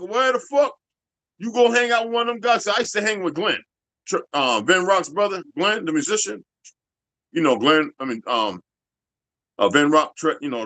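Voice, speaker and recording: A man's voice: mid-range voice, fairly bright tone, dry recording. A man in his fifties ranting to his viewers in a blunt, streetwise, rambling way, swearing heavily and drifting into asides. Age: 50s. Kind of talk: profane off-the-cuff rant.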